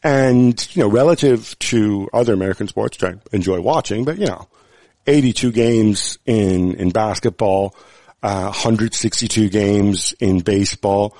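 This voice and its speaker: A man's voice: lowish voice, a little slow, dark tone, dry recording. A man chatting as a podcast guest, thoughtful and rambling, with frequent restarts and fillers. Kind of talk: casual chat.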